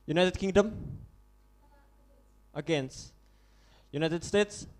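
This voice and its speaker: Halting young man with an Indonesian accent. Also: high-pitched. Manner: halting, repeats and corrects himself. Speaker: conference chair. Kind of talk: chairing a model UN vote.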